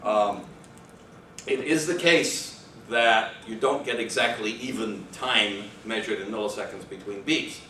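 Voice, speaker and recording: A man with a fairly low voice delivers an academic lecture, wandering through his points with fillers and quick self-corrections. He sounds distant from the microphone in an echoey room. A faint hiss sits underneath. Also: bright, forceful tone. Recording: echoey room, far mic, faint noise.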